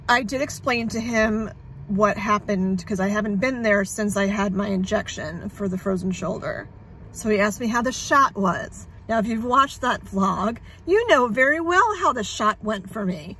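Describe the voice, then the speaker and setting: A woman's voice: medium pitch, a bit bright, slight background noise. A woman talking candidly in a casual vlog, sarcastic and frazzled, rambling and swearing freely. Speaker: vlogger sharing her illness journey.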